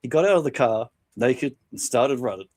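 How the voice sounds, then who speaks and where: A man's voice: medium pitch, moderate pace. Man telling wrestling stories, laughing. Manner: laughs often while telling stories, animated voices for quotes. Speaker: podcast co-host. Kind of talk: casual podcast chat, reading anecdotes from a book.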